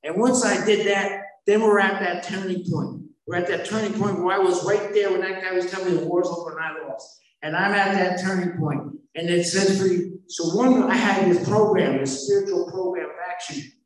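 A man's voice: sits high, fairly even intonation, moderate pace. A middle-aged man telling his recovery story at a meeting, blunt and rambling, often stopping to restart his sentences. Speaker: speaker sharing at a recovery meeting. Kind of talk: personal recovery testimony. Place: meeting hall. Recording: very echoey hall, from far off.

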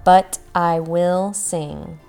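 A woman's voice: on the low side, fairly even intonation, extremely slow, darkish tone, soft background music. A woman voicing a cheerful, stubborn little rooster in a storybook read-aloud, with a lilting, lifted voice. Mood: brave. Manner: cheerful, determined.

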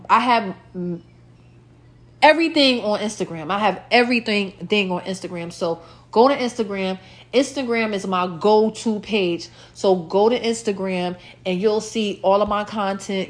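A woman hosting her own podcast in a rambling, casual solo chat, with lots of fillers and repeated lines, her mouth a little dry. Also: medium pitch. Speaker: podcast host.

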